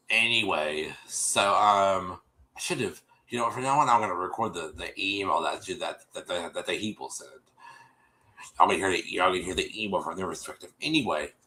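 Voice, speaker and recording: Man, casual stream host, rambling retelling, lots of restarts, bright voice. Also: fairly low pitch, poor audio. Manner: rambling, many restarts, addresses listeners as y'all. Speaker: show host recapping an episode. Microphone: streaming setup microphone.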